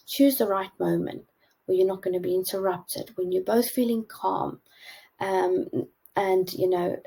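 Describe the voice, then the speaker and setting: Woman presenter, gravelly mellow voice, earnest coaching tone with frequent pauses. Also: medium pitch, low-quality recording. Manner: earnest, advice-giving, with frequent hesitations. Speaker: relationship coach presenting a masterclass. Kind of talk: instructional talk.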